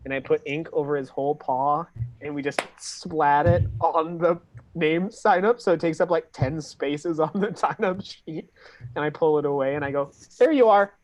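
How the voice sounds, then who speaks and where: A tabletop game player chatting in a playful, excitable way. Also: mid-range voice, normal speed, a little hiss or hum. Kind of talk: casual tabletop game chat.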